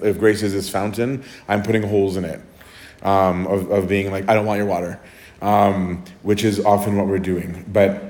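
Brief: male priest, low voice, chatty Q&A answers, roomy echoey sound. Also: a little mellow. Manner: conversational, often adds "right?" and restarts. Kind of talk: casual Q&A talk. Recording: echoey room.

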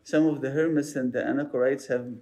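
A male priest preaching a sermon, telling saints' stories in an animated way and often repeating words as he goes. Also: medium pitch, fairly quick.

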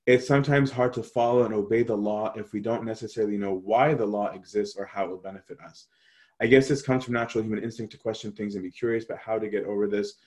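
A man answering questions on Christian theology in a relaxed, conversational way, often checking in with "right?". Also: fairly low pitch. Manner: animated, conversational, frequent "right?" tag questions. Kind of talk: casual theological discussion.

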